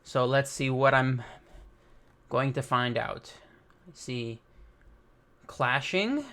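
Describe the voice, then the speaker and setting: A man's voice: mid-range voice, animated, slow pace, long pauses, pushed and bright. Casual man reading a manga aloud. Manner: casual, reads dialogue aloud with light commentary. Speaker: manga reaction host. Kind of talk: reading and reacting to a manga chapter.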